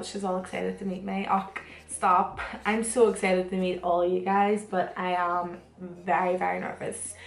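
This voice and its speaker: A young woman, a makeup artist, talking casually to camera in a rambling, chatty way full of fillers and restarts. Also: mid-range voice. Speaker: makeup artist and beauty vlogger. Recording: roomy echo.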